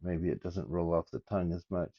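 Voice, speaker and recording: An older man reading scripture aloud and musing over it in a halting, thinking-aloud way, recorded on his phone. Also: sits low, fairly even intonation, creaky, breathy edge, muffled recording. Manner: reads verses aloud with halting, thinking-aloud asides. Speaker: scripture study vlogger. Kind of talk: casual scripture study talk.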